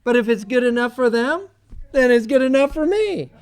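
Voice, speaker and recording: Animated man with mocking asides. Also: very high voice, normal speed, clean tone. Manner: animated, sarcastic asides, mocking quoted voices. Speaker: creation science speaker. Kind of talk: church lecture. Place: church sanctuary.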